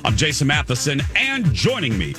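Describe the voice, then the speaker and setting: A man hosting morning talk radio in a studio, his fairly high voice swinging widely as he plays up each line. Music plays under him. He sounds playful and theatrical. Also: wildly swooping pitch, moderate pace. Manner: playful, theatrical, singsong at times. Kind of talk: upbeat talk radio banter.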